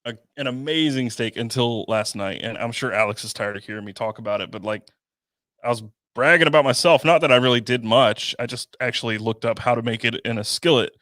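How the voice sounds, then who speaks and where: A man's voice: mid-range voice, fairly quick, fairly bright tone, no room sound. A man co-hosting a podcast in casual chat, with a dry teasing humor. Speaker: podcast co-host.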